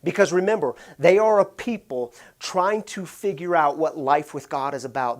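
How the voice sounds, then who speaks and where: A man's voice: fairly high pitch, darkish tone. Give me a pastor in his thirties preaching conversationally, a man who asks his listeners questions. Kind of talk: sermon with personal storytelling.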